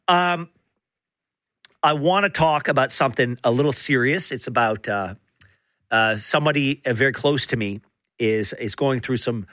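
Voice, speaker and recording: A man's voice: fairly high pitch, pushed and bright, no echo. A man from Canada co-hosting a show, joking in a sarcastic, mock-serious way. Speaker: radio show co-host. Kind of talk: comedic banter.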